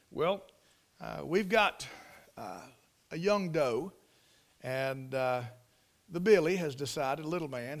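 A man, telling a folksy farm story in a devotional talk, in an animated country manner. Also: a little high.

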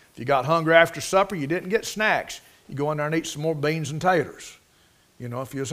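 A middle-aged man preaching a sermon in a folksy, storytelling way, with plain rural speech. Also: fairly high pitch.

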